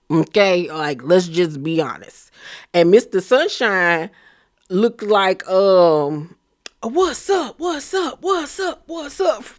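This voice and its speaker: A woman giving a sassy, blunt, slang-filled casual recap of a reality show, laughing as she rants. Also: fairly low pitch. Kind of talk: casual gossip recap commentary.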